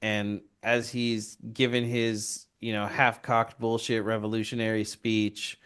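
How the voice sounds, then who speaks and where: With an unhurried, lowish voice that's clear and resonant, a man co-hosting a podcast walks through a film's plot. He keeps it casual and profane, quoting the characters in their own voices.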